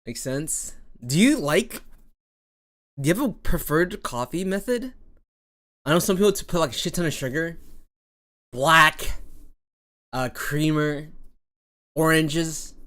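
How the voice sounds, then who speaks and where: A young woman live-streaming, her low-set voice swinging widely in pitch as she rambles between bursts of laughter. She swears casually and sounds sleepy and a little out of it. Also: expressive, takes it slowly, pauses often, fairly bright tone. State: drowsy, low energy.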